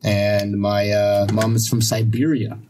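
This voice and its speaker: A man's voice: lowish voice, flat delivery, noisy background. A Russian-born man, a guest chatting casually on a podcast and laughing often. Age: 20s. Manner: easygoing, laughs often, halting with fillers.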